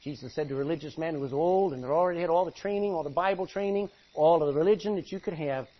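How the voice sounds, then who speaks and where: A man preaching a sermon, acting out Bible characters and swinging between hushed and loud delivery. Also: on the high side, fast talker, dull audio. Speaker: pastor.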